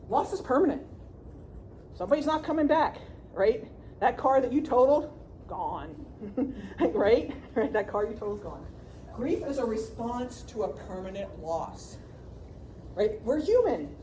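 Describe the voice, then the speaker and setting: A middle-aged woman giving a workshop talk on grief as a counselor, chatty and lively, often checking in with the audience and laughing. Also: a little high, a little hiss or hum.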